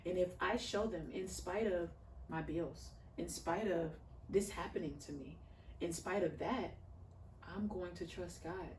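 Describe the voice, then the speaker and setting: Earnest, faith-driven mother with a lower voice. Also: unhurried, a little mellow, distant mic. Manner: earnest, heartfelt, preacher-like storytelling. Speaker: podcast guest. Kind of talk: casual conversational interview. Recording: roomy echo, off-mic, faint background noise.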